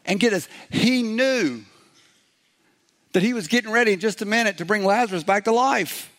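A middle-aged man preaching a sermon in a conversational way, slipping into quick acted-out voices as he goes. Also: high voice, a bit bright. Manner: conversational preaching, acts out little quoted voices. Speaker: pastor.

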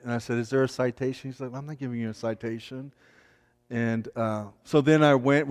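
A man's voice: mid-range voice, a little mellow, clean tone. A man, a pastor, telling a candid, self-deprecating personal story during a sermon. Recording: long hall reverb.

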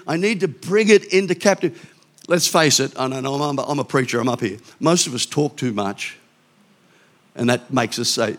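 Older male pastor, conversational sermon, frequent restarts and asides. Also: on the high side.

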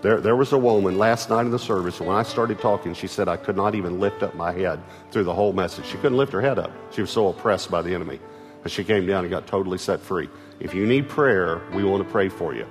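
A man with a Texan accent preaching a sermon as pastor, earnest, repeating words, moving from loud calls to hushed lines. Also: low-pitched, fast talker. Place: large church auditorium. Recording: large hall reverb with soft music.

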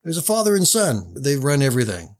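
A man's voice: mid-range voice, wildly swooping pitch, brisk. A man voicing a casual pastor who teases a businessman in a story. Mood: playful. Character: casual male pastor, playful and sly.

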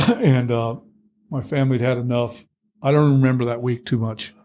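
A man's voice: medium pitch, steady tone, moderate pace, warm tone. A middle-aged man telling his own story in conversation, blunt and plainspoken, full of fillers and restarts. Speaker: guest.

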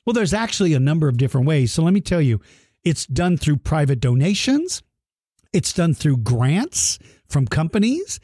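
A middle-aged man hosting a dinosaur podcast for kids, animated and playful, giving shout-outs and teasing listeners in a mock gruff way. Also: fairly high pitch, normal speed, no room sound, clean studio sound. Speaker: podcast host.

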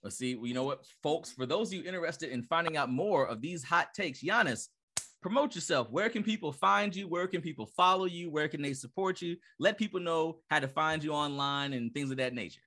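A man's voice: a little high, brisk, pushed and bright. A man hosting a podcast, asking questions in a loose, wordy way. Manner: wordy, rambling question setups. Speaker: podcast host. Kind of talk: casual podcast interview.

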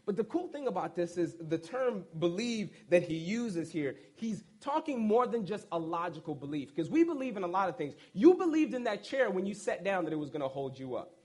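Male preacher, high voice, casual animated sermon with humorous asides. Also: fairly quick. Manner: animated, joking asides, storytelling.

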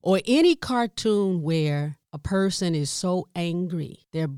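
A woman in her fifties from the Southern United States, a podcast host with a Southern American accent, telling caregiving stories in a lively way with asides and laughter. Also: on the low side, slow pace, clean tone, no echo, clean studio sound. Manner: lively storytelling with asides and laughs, addresses listeners as y'all. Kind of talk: candid caregiving talk.

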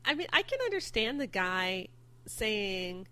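A woman's voice: mid-range voice, big pitch swings, a little slow, bright, forceful tone, clean tone. A woman hosting a casual discussion podcast, earnestly reading listener comments aloud and responding to them. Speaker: host.

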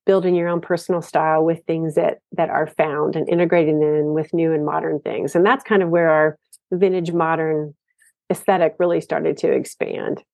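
A woman guest in an interview, telling stories about her design work in a lively, enthusiastic way. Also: deep voice, moderate pace, gravelly, no echo. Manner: storytelling, enthusiastic. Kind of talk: casual interview talk.

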